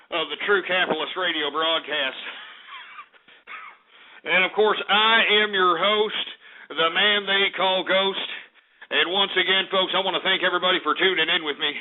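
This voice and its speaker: Male talk radio host, furious and foul-mouthed, high-pitched voice, thin lo-fi audio. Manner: profane, heated ranting. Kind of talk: angry call-in radio rant. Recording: tinny phone-like audio.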